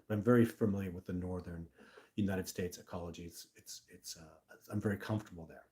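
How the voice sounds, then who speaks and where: A man's voice: low-pitched, steady tone, fairly quick, mellow. A man from Canada hosting a livestream, chatting through viewer comments in a talkative, blunt and emphatic way. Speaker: livestream host. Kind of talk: live-stream chat answering viewer comments.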